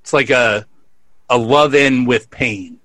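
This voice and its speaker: A man's voice: medium pitch, slow pace, fairly bright tone, no echo. A man co-hosting a podcast in casual chat, laid-back and bluntly profane. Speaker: podcast co-host.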